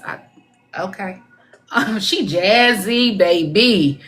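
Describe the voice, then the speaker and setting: A woman giving a live-stream spirit reading, talking in halting bursts and gently coaxing the spirit. Her voice sits in an ordinary middle range. She often swoops up high to act out what she hears. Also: soft background music. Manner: halting, searching for words, coaxing; relays messages with swoops up into quoted speech. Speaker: psychic medium.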